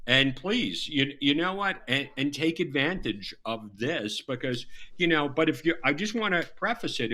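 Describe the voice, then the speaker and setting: A man's voice: on the high side, bright, forceful tone. A middle-aged man with a Southern American accent, speaking as a guest on a video call about his years in law enforcement, emphatic and sarcastic. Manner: emphatic, storytelling, self-deprecating and sarcastic. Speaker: guest, former FBI agent turned cybersecurity speaker. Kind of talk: animated interview conversation.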